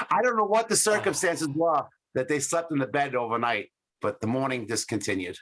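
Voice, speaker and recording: A man's voice: medium pitch, unhurried, long pauses, a bit bright. A man co-hosting a casual comedy podcast, rambling through stories and acting out the voices he quotes. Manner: rambling storyteller who acts out quoted voices. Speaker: podcast co-host.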